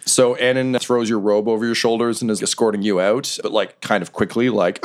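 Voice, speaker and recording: A man narrating a tabletop game as game master, wry and quick to laugh. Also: on the low side, fairly even intonation.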